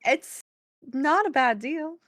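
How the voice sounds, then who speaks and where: Woman chatting in character at a tabletop game, slow and unhurried, pitch bouncing all over, dry close sound. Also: expressive, fairly bright tone, no room sound. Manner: chatty, giggly, trails off. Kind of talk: in-character tabletop role-play.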